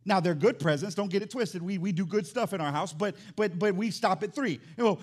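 A man's voice: high-pitched, fairly quick, few pauses. A middle-aged man preaching a sermon in church as pastor, emphatic and repeating his key phrases.

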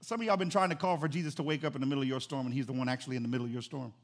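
A man preaching a sermon as pastor, animated and emphatic, repeating phrases for emphasis. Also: medium pitch, very fast.

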